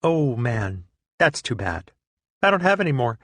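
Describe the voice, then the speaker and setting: A man voicing a cheerful young woman comedian in an audiobook, sweet and gently teasing. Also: mid-range voice, sing-song, measured pace, no echo. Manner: sweet and cutesy, mildly teasing. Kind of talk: audiobook character voice.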